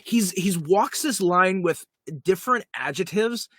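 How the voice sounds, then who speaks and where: A man's voice: sits high, expressive, unhurried, a bit bright, no echo. A man co-hosting a podcast, chatting casually and giving emphatic opinions. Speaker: podcast co-host. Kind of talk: casual chat.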